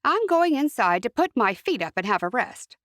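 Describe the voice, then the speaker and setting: A woman voicing a gentle, weary Amish mother. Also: a little high, sing-song, moderate pace, dry recording, studio quality, voice pushed up.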